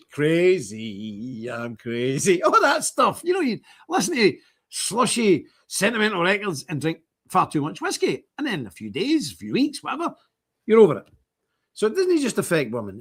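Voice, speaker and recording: A man's voice: a little high, breathy edge. A middle-aged man with an Irish accent hosting a casual, rambling monologue and acting out bits of dialogue. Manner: rambling, animated, acts out quoted dialogue. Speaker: host of a church channel's update stream.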